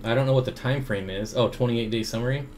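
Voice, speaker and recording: A man at his home computer hosts a relaxed livestream, talking to a desk microphone. His voice sits at an ordinary middle pitch, and he rambles with plenty of "uh"s and "um"s as he answers his chat. A faint hum of room noise stays under him. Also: quick pace. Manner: rambling, chatty, many fillers, reads chat aloud. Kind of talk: casual livestream Q&A.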